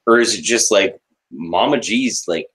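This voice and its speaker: A man's voice: fairly low pitch, animated, a little slow, a bit bright, slightly rough, rough recording. A man hosting a podcast, chatting casually about a TV episode and often repeating words as he starts a sentence. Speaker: podcast host.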